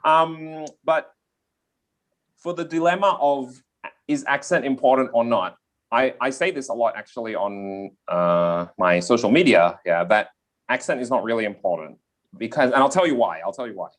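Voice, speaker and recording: A man from Australia with a softened Australian accent, an English teacher explaining pronunciation in a live online class, often checking in with "yeah?". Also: medium pitch, moderate pace. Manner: explanatory, repeats key points, checks in with "yeah?".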